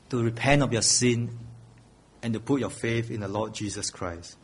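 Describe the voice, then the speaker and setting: A man's voice: mid-range voice, moderate pace, creaky, breathy edge. A middle-aged male pastor preaching a sermon, earnest and pleading, repeating his key phrases.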